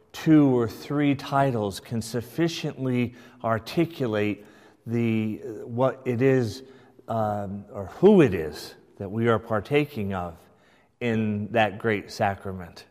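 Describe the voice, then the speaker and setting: A man as pastor teaching his congregation in a church, measured and emphatic, often checking in with "right?". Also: medium pitch, darkish tone. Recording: long hall reverb.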